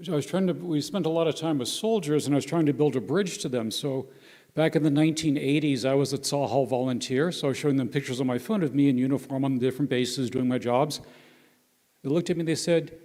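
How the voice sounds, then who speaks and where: A man's voice: mid-range voice, fast. A man, telling anecdotes from a volunteer mission to a congregation and acting out the quotes. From United States. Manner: warm anecdotal storytelling with acted quotes. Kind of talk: storytelling to a congregation. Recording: hall reverb.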